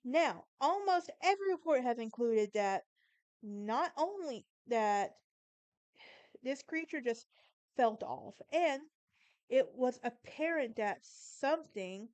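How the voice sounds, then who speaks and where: A young Southern-accented woman from Alabama hosts a casual solo podcast, chatting her way through a story while often stumbling over words and correcting herself. Her high, darkish voice is expressive and slow, in a dry recording.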